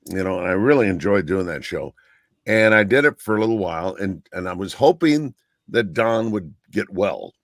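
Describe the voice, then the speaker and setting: A man's voice: lowish voice, lively intonation, normal speed, dry recording, studio quality. A man on a radio-style chat show, telling rambling anecdotes and often looping back with "so anyway". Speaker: guest radio personality.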